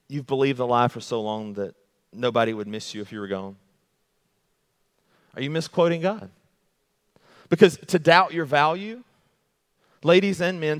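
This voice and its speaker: A male pastor preaching an animated sermon, repeating rhetorical questions to the congregation. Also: mid-range voice. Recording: long hall reverb.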